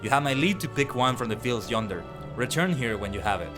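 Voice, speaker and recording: A man reading out a stern, protective chocobo trainer from a game, measured and solemn, over game music. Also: mid-range voice, expressive, natural voice.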